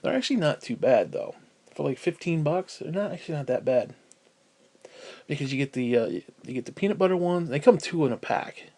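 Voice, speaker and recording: A man's voice: a little high, expressive, brisk, mellow. A man ranting casually to the camera, rambling and profane, working himself up as he talks. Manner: profane, rambling and easily worked up. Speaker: gaming vlogger.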